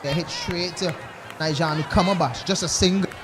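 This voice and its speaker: Male cricket caller, higher-pitched, live match with heavy crowd and ambient noise. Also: moderate pace. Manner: chatty, banters with co-commentator. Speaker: cricket commentator. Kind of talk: live sports commentary. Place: outdoor cricket ground. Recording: loud crowd and outdoor noise.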